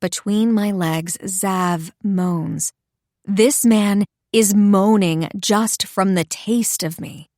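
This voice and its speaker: A woman reads a first-person romance audiobook, expressive and intimate. Her voice sits at a middle pitch for a woman, and the recording is dry and close with no room sound. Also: extremely slow, dry recording. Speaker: audiobook narrator.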